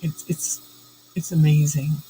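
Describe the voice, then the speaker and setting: A woman's voice: deep voice, flat delivery, a little slow, slight background noise, poor audio. A woman from New York chatting casually and rambling as host of a livestream, with frequent fillers. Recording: loud music playing under the voice. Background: loud relaxing background music.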